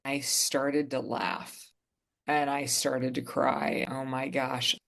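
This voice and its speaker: Gravelly, earnest storytelling podcast voice. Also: medium pitch, flat delivery, fairly bright tone. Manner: earnest storytelling, slows down to reflect. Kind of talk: casual podcast conversation.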